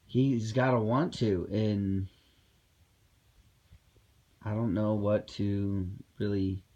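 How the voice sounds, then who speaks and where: A man's voice: fairly low pitch, steady tone, drawn-out words, dark tone, highs cut off. Rambling, heated young-sounding man. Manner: rambling, heated, many fillers and restarts. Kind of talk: casual vlog monologue. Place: at home indoors.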